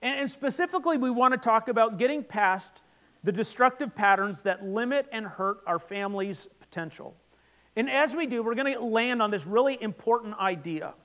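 A man preaching a sermon, retelling a scripture story in a conversational, animated way, often repeating words as he starts sentences. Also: very high-pitched, normal speed. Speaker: pastor.

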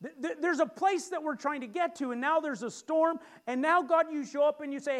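A middle-aged man preaching a lively sermon in a church, joking with the congregation and leading call-and-response. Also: very high voice, fast, hardly any pauses. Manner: animated, jokes with the congregation and leads call-and-response. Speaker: pastor. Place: church sanctuary.

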